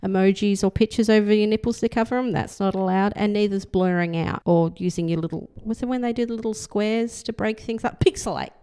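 A woman's voice: medium pitch, fairly even intonation, brisk, few pauses, dark tone, clean tone. A woman chatting casually and bluntly as a podcast host, swearing and laughing often. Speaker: podcast host and adult performer. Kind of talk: casual chat.

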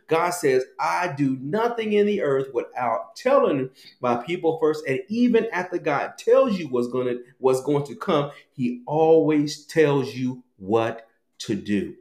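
A man's voice: medium pitch, a little mellow. A male pastor delivering a sermon, repeating phrases for emphasis and calling the congregation to speak to their neighbors. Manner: emphatic, repetitive preaching with calls to the congregation. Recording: echoey room.

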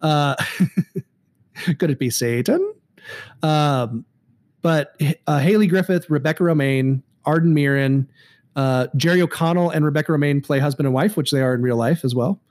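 Chatty man with a higher voice. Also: moderate pace, darkish tone. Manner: rambling, many fillers and restarts. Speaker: podcast co-host. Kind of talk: casual chat about horror movies.

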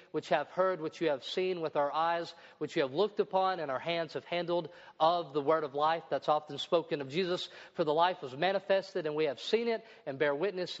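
A middle-aged male pastor preaching a sermon in a church, reading scripture aloud and adding his own asides. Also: a little high. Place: church building. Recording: dull sound with long hall reverb.

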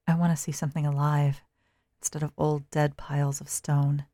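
A woman's voice: medium pitch, normal speed, mellow, no echo, pitched above the performer's own voice, natural voice. A reader voicing a clumsy, eager young American woman tourist, with a bubbly, apologetic manner. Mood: whispering.

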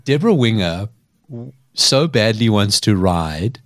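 A man's voice: fairly low pitch, animated, unhurried. A man hosting a podcast, telling a story in a chatty way and laughing often. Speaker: podcast host. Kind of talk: casual chat.

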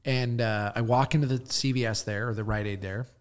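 A man's voice: mid-range voice, steady tone, brisk, smooth. A young man chatting casually as a podcast host, rambling through a long story and swearing freely. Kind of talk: casual chat.

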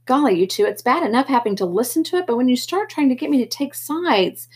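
A woman reading the part of a gentle teenage boy who keeps the peace between his brothers, earnest and pleading, in a breathy voice. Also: expressive, fast talker, full character voice. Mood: tearful. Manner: earnest, pleading, a bit higher and louder than her narration. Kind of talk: audiobook character reading.

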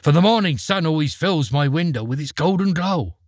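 A man voicing a polite, quick-witted young boy who speaks brightly and eagerly in a storybook reading. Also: fairly high pitch, lively intonation, dry recording, clean studio sound.

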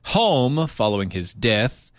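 A man's voice: medium pitch, sing-song, slow pace, dry recording, clean studio sound. A man co-hosting a casual news commentary show, reading headlines aloud with sarcastic asides. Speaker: co-host.

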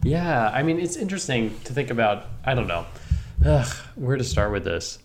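A man's voice: medium pitch, animated, normal speed. A man co-hosting a casual podcast, thoughtful and analytical, hedging with fillers. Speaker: podcast co-host.

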